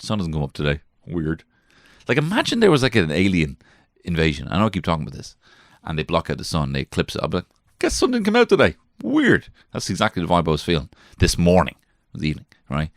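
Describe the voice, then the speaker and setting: A man's voice: sits low, dry recording, clean studio sound. A man in his thirties telling a rambling comic story as a podcast host, swearing and mocking himself as he jumps into put-on voices. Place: small garden shed.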